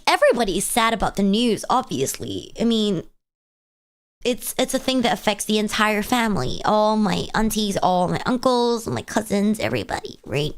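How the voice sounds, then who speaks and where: A woman streamer in casual chat, tearful and crying, talking in a halting, hesitant, self-conscious way. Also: medium pitch, clear, resonant tone. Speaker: VTuber streamer.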